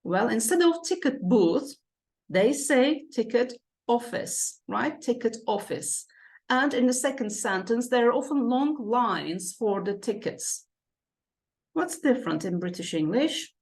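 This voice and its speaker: A woman's voice: fairly high pitch, lively intonation, unhurried, darkish tone. A woman who is a native Turkish speaker, teaching English vocabulary in a patient classroom manner. She repeats key words and keeps checking in with "okay?" and "right?". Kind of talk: classroom-style explanation.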